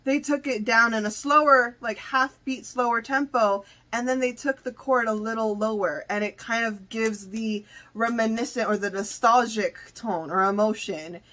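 A woman's voice: on the high side, moderate pace, few pauses. Gushing young woman reacting to a song. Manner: excitable, gushing, exclaims and repeats herself. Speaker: music reaction host. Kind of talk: reacting to music. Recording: song playing in the background.

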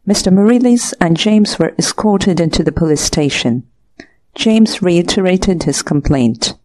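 A woman narrating an audiobook of a classic short story in a steady, measured way. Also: lowish voice. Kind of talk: scripted narration.

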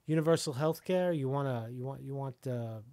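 A middle-aged American man rants into the camera, angry and repetitive, throwing out "right?" after nearly every point. His voice sits at an ordinary pitch, and the recording is close and dry. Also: a little fast, dark tone, dry recording. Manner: angry, rhetorical, repeats "right?". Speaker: YouTube reporter. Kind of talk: ranting to camera.

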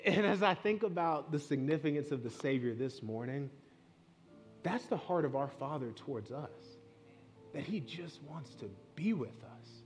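A man's voice: on the high side, lively intonation, normal speed, faint music behind. A man in his thirties, a pastor preaching a sermon in a church, speaking in an earnest, conversational way and weaving in personal stories. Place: church sanctuary.

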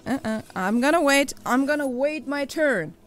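A young woman hosting a let's play, reacting excitably, exclaiming and talking back to the game as she plays. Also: sits high, moderate pace, poor audio. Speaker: gaming channel host.

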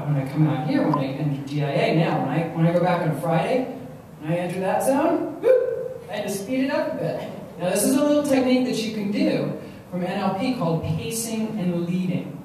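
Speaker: New woman, mellow, animated, live talk, miked from afar in a very echoey hall. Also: medium pitch. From Long Island, New York. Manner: animated, repeats words, acts out quotes. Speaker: stress management speaker. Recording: echoey hall, distant mic, faint noise.

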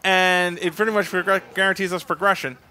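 A man with a fairly high, bright, forceful voice trades crude jokes while playing a game with friends. His commentary is casual and quick, full of banter. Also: little pitch movement, a little hiss or hum. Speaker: let's play co-host.

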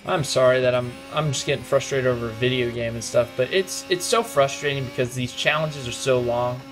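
A man's voice: medium pitch, faint music behind. Young man ranting over racing game. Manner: frustrated, ranting, quick outbursts. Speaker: gaming commentator. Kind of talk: live gameplay commentary.

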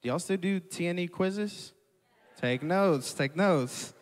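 A man's voice: on the high side, takes it slowly. Young man preaching in a reverberant hall. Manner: repeats key phrases and has the crowd echo them. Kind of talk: sermon. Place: large church hall.

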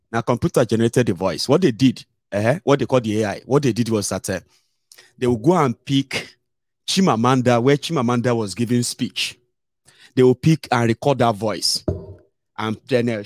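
A man's voice: medium pitch, darkish tone, dry recording, studio quality. A man with a Nigerian accent hosting a political livestream, chatty and digressive, slipping into pidgin with many fillers. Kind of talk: casual livestream commentary.

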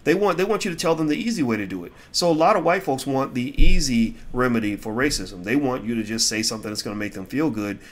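A middle-aged man holds forth in casual commentary at an ordinary pitch, with a blunt, heated delivery. He swings between loud bursts and low mutters as he answers viewer questions. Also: lively intonation, fast talker, hardly any pauses.

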